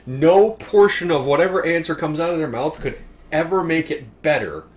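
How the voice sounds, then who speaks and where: A man's voice: a little high, moderate pace, darkish tone. A man hosting a casual podcast, telling a story with animation and laughing at his own punchlines. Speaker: podcast host.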